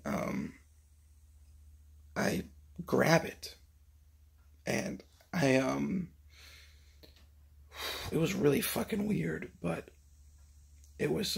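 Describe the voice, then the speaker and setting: A man with a gravelly, slightly husky voice tells a long story in a loose, rambling way. He swears constantly and leans on filler words. His pitch sits in an ordinary middle register. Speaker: vlogger recounting a dream. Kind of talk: casual storytelling monologue.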